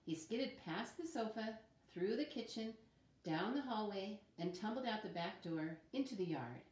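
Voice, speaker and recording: A woman reading a children's picture book aloud in a calm, expressive way. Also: mid-range voice, normal speed. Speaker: storyteller. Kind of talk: children's story read-aloud. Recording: roomy echo.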